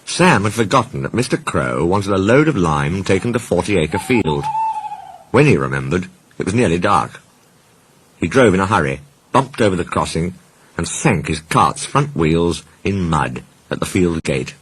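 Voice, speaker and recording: A man reading a children's railway story aloud in an expressive storybook style. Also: sits low, moderate pace, husky.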